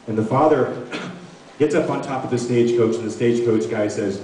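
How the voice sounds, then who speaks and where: A man's voice: mid-range voice, normal speed, warm tone, a little hiss or hum. A man on a convention panel telling a joke to an audience, laughing at himself and fumbling along. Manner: self-deprecating, laughs at himself. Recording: echoey convention hall, mic far off.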